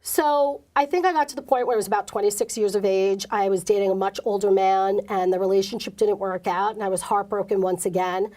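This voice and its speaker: A woman's voice: medium pitch, steady tone, brisk, hardly any pauses, a little mellow. Woman telling a candid personal story. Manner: candid, emotional storytelling, acts out quoted dialogue. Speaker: interview guest. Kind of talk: personal testimony in an interview.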